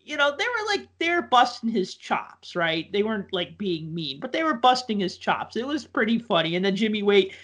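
A man's voice: sits high, sing-song, normal speed, hardly any pauses, a bit bright. A man telling a long casual story, full of likes, ums and restarts. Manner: rambling, filler-heavy with many likes and ums.

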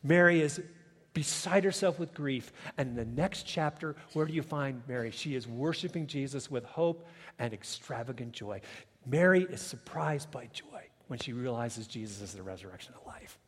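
A male pastor delivering a sermon in a church, moving from quiet asides to rising, emphatic preaching. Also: medium pitch, expressive, normal speed, husky. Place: church sanctuary. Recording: long reverb of a large hall.

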